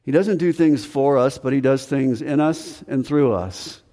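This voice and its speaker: A man's voice: mid-range voice, measured pace, mellow, long reverb tail. A male pastor preaching a sermon in an earnest, repetitive way.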